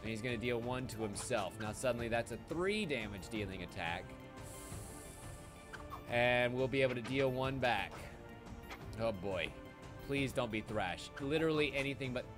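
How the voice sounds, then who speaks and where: A man giving live commentary while he plays a video game, excitable and quick to swear when things go wrong. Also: mid-range voice. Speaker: game streamer. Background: game music.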